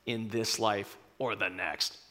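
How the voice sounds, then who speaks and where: A man voicing a vengeful Roman general from a film, speaking slowly and low with solemn intensity, with long hall reverb. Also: steady tone, bright, forceful tone. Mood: grim.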